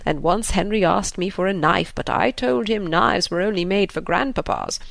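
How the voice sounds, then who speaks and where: A woman voicing a fretful, anxious elderly father in an audiobook, slow and sighing. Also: medium pitch, creaky, no echo, close to an everyday voice.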